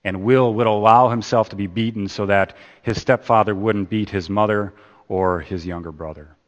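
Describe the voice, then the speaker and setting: A man preaching a sermon. He swings from loud emphasis down to hushed, repeated words. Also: fairly low pitch, fairly even intonation, moderate pace. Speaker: pastor. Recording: long hall reverb.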